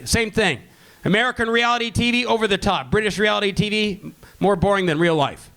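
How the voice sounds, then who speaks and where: A man's voice: high-pitched, a bit bright, slight background noise. A man from Vancouver doing a profane, brash stand-up comedy set on a club stage with a handheld mic. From Vancouver, Canada. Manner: brash, profane, fast-talking.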